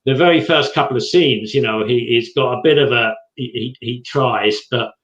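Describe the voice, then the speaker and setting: In a dull, roomy lo-fi recording, a British co-host from England chats casually on TV. He talks at a moderate pace in a medium, slightly bright voice, hesitating and restarting often.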